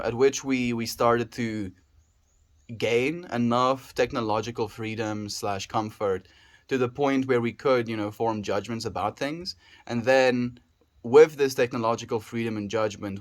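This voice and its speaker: A man livestreaming, chatting casually with his viewers, reading their messages aloud and musing in a reflective way. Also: on the low side. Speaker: daily livestreamer.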